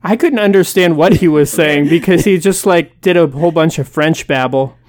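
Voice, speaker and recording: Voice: mid-range voice, moderate pace, darkish tone, no room sound. Chatty podcast co-host with a dry sound. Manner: chatty, hedging with "like" and "um", laughs. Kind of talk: casual commentary chat.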